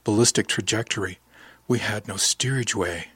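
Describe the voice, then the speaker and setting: A man's voice: medium pitch, lively intonation, fast, no echo, voice pushed up. A man voicing a curious, teasing young woman crewmate in an audiobook. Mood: soft, shocked. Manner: inquisitive, teasing.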